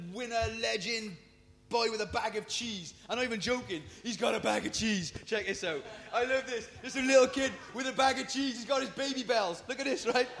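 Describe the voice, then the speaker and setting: Jokey youth preacher, high voice. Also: male voice, long reverb tail. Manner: jokey, slangy, animated storytelling. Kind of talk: comic sermon.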